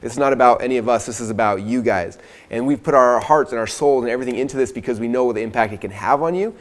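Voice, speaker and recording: A man's voice: mid-range voice, quick pace. A man presenting a course on a live webinar, talking earnestly and persuasively with a lot of "like" fillers.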